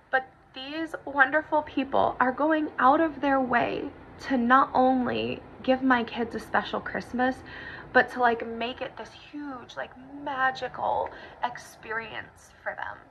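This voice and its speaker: A young woman vlogger with a slightly high, gravelly, sharp-toned voice shares a casual, emotional personal update. She gushes and gets teary, using many fillers, and the audio is dull lo-fi with a faint hiss.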